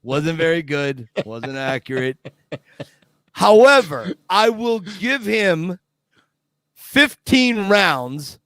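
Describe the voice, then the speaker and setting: A man from Scranton, Pennsylvania, a guest who tells stories excitedly, restarts often and acts out quotes. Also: a little high, drawn-out words, dry recording, clean studio sound. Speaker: guest, Rocky impersonator. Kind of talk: casual storytelling.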